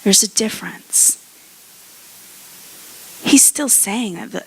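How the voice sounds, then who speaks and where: A woman's voice: mid-range voice, slow pace, vocal fry, pauses often, a little hiss or hum. A woman pastor preaching a conversational sermon, often acting out the people in the story. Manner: conversational preaching, acts out characters' voices.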